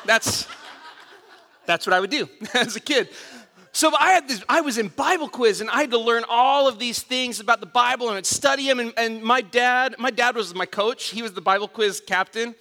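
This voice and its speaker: A man's voice: extremely high pitch, moderate pace, sharp tone. A man preaching a conversational sermon as a pastor, telling stories with self-mocking humor and asking rhetorical questions. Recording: reverberant church hall.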